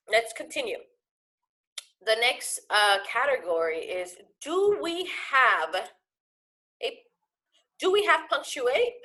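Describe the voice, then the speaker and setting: A woman teacher giving a recorded lesson to her students, explaining patiently and often pausing to ask "okay?". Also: on the high side, bright, forceful tone.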